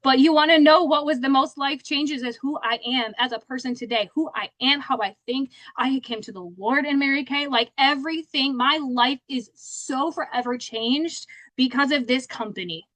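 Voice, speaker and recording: A woman's voice: high-pitched, moderate pace, few pauses, fairly bright tone, dry recording. A young adult woman giving a chatty, faith-filled motivational talk as a guest speaker, joking at her own expense. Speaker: guest speaker, sales director.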